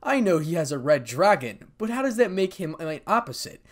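A man voicing a calm, curious young male devil in a fan-fiction reading. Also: on the high side, a little fast, voice pushed up.

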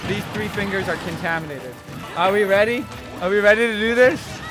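A man hosting a casual vlog, talking excitably and directly to his viewers. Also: high-pitched, a little fast. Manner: excitable, talks straight to viewers. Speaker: streamer and video host. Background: background music.

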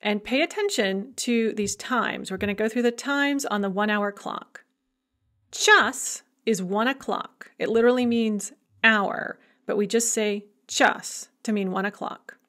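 Slow, careful woman language teacher. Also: mid-range voice, fairly bright tone. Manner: slow, careful modeling of example phrases; clear, methodical explaining. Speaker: language instructor. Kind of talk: recorded lecture.

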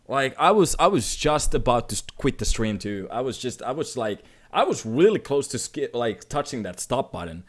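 A man from Finland, live streaming and reacting to donations, emotionally overwhelmed, swinging from shouts to mumbles and swearing constantly. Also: mid-range voice, big pitch swings, moderate pace, few pauses.

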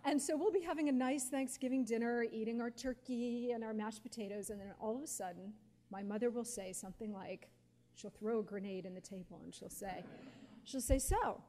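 With a slightly high voice and a slightly fast pace, a woman in her forties tells stories as a guest speaker at a live question-and-answer session. She laughs often, stays animated, and uses lots of casual fillers.

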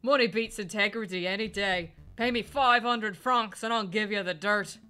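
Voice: mid-range voice, moderate pace, bright, forceful tone, close to an everyday voice. A player voicing a shady, impatient male crocodile dealer while reading a game aloud. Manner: gruff, impatient, wheeling-dealing. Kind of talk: reading a game aloud, doing character voices.

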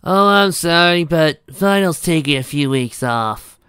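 A man voicing a friendly young mare who works at a club, talking slowly and easily in a read-aloud pony story. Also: medium pitch, expressive, fairly bright tone, dry recording, studio quality, voice pushed up. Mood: easygoing. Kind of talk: fan fiction read aloud.

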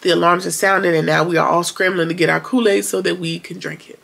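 A woman casually recapping a TV episode, retelling it in a colloquial, animated way with sarcastic asides. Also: lowish voice, quick pace, creaky. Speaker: TV episode reviewer.

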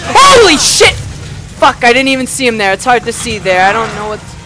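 A man doing loud, excitable let's play commentary, swearing and yelling at the game. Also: very high voice, normal speed, background noise. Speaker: gamer. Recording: music playing underneath.

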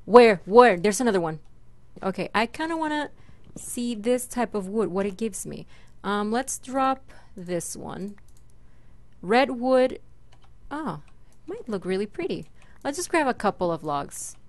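Unhurried young woman gaming commentator. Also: big pitch swings. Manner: chatty, talks to the game's mobs and her pet; sudden high squeals when startled. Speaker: gaming channel host. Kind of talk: casual Minecraft let's play commentary.

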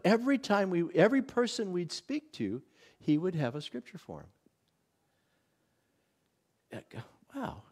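Male pastor, higher-pitched voice with a lively, swooping delivery, casual workshop teaching with frequent restarts. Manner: conversational, many restarts and acted-out inner exclamations. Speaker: visiting pastor.

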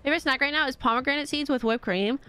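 A bubbly young woman chats away with her stream while she plays. Her voice sits a little high, with faint game music underneath. She talks casually, jumping from topic to topic. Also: very fast, pushed and bright. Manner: chatty, bubbly, reacting to chat. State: out of breath. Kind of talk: casual chat while gaming.

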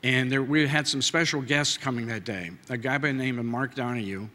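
A man in his late fifties stands at a podium and gives a folksy, heartfelt acceptance speech. He speaks in a bright, forceful voice and fills his pauses with uhs. His voice rings through a large banquet hall with a long reverb. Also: mid-range voice, slight background noise. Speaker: award inductee.

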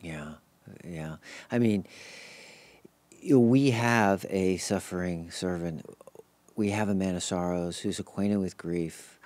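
A man's voice: low-pitched, slow pace, darkish tone, no echo. A man hosting an interview, speaking earnestly and reflectively about faith. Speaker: podcast host.

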